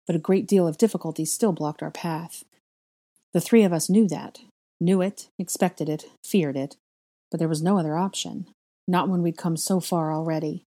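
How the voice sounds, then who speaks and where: Low, mellow woman reading a story aloud. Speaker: fanfiction reader. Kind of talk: audiobook narration of fan fiction.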